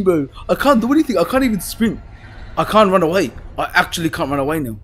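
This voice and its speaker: Young man, horror game let's play, high pitch, swinging wildly, swearing, panicky. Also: expressive, fast talker, vocal fry, husky. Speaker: gaming YouTuber.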